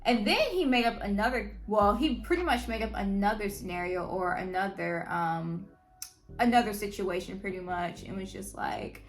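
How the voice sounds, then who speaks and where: A young adult woman telling a personal story on her channel, in a slangy, animated way. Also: mid-range voice, moderate pace. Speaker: vlogger. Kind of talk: casual storytime.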